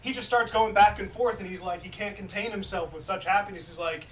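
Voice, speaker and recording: A man streaming in a casual chat, retelling a story in a loose, animated way with many fillers. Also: high voice, a little fast. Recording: distant mic with faint background noise.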